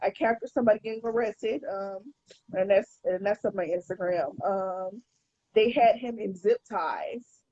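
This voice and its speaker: A woman co-hosting a casual podcast, swearing freely and restarting her sentences as she tells a story. Her voice has a husky edge. The sound is dry and a little muffled, with no room echo. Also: mid-range voice, a little slow, mellow. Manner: profane, repeats words when starting sentences. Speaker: podcast co-host.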